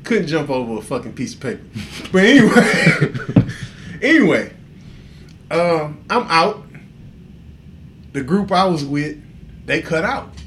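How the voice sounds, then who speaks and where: A man's voice: a little high, very animated, slow pace, pauses often, a bit bright, slight background noise. A man co-hosting a podcast, telling a story in casual, profane speech, often laughing and acting out the people in it. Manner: profane, laughing, acts out dialogue. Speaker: podcast co-host.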